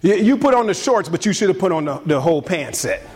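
A man preaching a sermon as pastor, animated and often repeating words as he builds his point, in a church. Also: high-pitched, fast, slight background noise.

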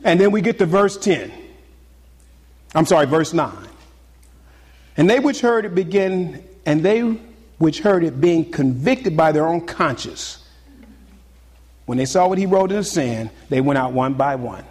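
Husky-voiced man preaching a lively sermon. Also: fairly high pitch, a little slow, long pauses, big-room sound. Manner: lively preaching, swings between loud exclamations and hushed asides. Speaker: pastor.

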